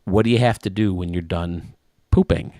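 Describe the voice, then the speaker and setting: A man's voice: low-pitched, moderate pace, dry recording, clean studio sound. A man who hosts a gaming channel, telling a funny anecdote casually to his viewers and chuckling as he goes. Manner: animated, chuckling anecdote-teller. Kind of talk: casual storytelling to camera.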